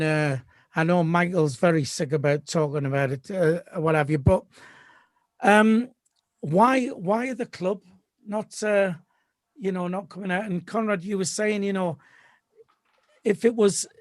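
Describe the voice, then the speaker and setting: A man's voice: high-pitched, dry recording. A man hosting a live fan panel, talking casually with many fillers and restarts. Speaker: host of a live fan show.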